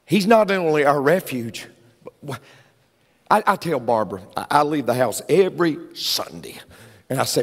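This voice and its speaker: A middle-aged man preaching a sermon, excitable, swinging between quiet asides and shouted lines. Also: a little high, moderate pace. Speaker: pastor. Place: large church sanctuary. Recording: church hall with long reverb.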